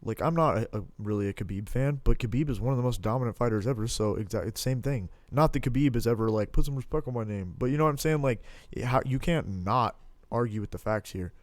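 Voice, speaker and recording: A man's voice: medium pitch, fast talker, no room sound. A young man chatting casually on a podcast, rambling with lots of restarts and blunt, profane remarks. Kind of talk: casual podcast chat about fighting.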